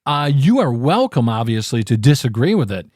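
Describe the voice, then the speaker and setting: A man in his fifties talks straight into the mic, blunt and swearing freely as he hosts his own show. His voice sits at an ordinary middle pitch, and the sound is close and dry with no room echo. He pushes hard on his points and often restarts a phrase midway. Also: sing-song, moderate pace, darkish tone. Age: 50s. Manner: candid, profane, emphatic, with frequent restarts. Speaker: podcast host. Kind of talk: blunt opinion monologue.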